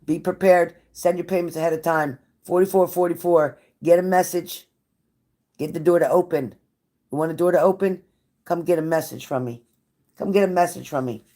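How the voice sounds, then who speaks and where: A woman's voice: lowish voice, fairly even intonation, moderate pace, warm tone. Woman, tarot reader, live reading, blunt, profane, repetitive, pep-talk delivery. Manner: repeats phrases for emphasis.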